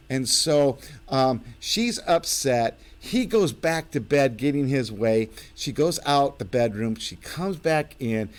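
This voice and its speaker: A man hosts his own live stream in a loose, chatty way. He wanders through his stories, stopping and restarting often, at a middle pitch. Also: animated, slow, hardly any pauses. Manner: rambling, full of fillers and restarts. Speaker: host of his own channel. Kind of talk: live-stream casual chat.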